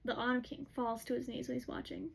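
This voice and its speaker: A woman's voice: on the high side, flat delivery, fast talker, creaky, slightly rough, poor audio. A woman casually recapping a book's plot, chatty and filled with "like"s as she retells what the characters say. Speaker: book recap host.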